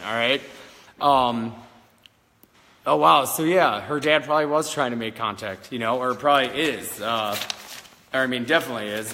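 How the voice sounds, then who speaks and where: A man's voice: mid-range voice, pushed and bright. A man hosting a casual talk as a psychic medium, rambling with many fillers while telling stories and answering questions. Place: old schoolhouse in the country. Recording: long reverb, faint background noise.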